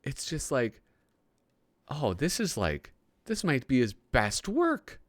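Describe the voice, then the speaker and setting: A man's voice: mid-range voice, huge pitch swings, takes it slowly, dry recording. A man hosting a casual comedic commentary, reading old magazine jokes aloud with self-deprecating asides and frequent chuckles.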